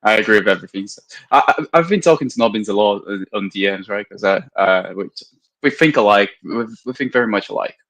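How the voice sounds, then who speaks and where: Measured man co-hosting a fan stream. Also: on the low side, fairly bright tone, poor audio. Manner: measured, restarts sentences. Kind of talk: casual chat.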